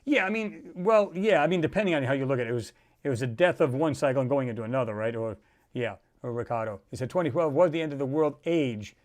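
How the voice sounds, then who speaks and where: A man's voice: medium pitch, lively intonation, fast talker. A middle-aged man hosting a casual livestream, talking in a rambling, emphatic way and acting out the people he quotes. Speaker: channel host.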